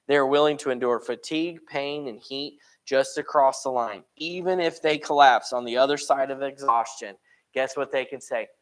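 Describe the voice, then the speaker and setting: A man with an American accent teaching a church Bible study in a conversational way. He often checks in with the room and briefly acts out voices he quotes. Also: mid-range voice. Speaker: preacher.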